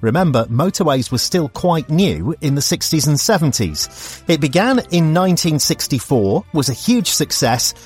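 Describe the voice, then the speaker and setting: A man presenting a podcast, reading a scripted introduction in a lively, enthusiastic way. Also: fairly high pitch, husky. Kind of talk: scripted narration.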